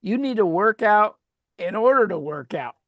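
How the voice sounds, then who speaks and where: A woman's voice: medium pitch, moderate pace, dry recording. A woman co-hosting a sports podcast, a former agent, telling stories in casual chat and laughing often. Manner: lively storyteller who laughs often.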